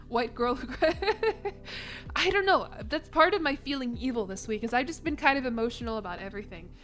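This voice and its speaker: Young chicago streamer girl rambling about her trip, kinda emotional and laughy, higher voice, soft music under it. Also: animated, normal speed. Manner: rambling, emotional, self-mocking, laughs often. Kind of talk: casual chat on stream.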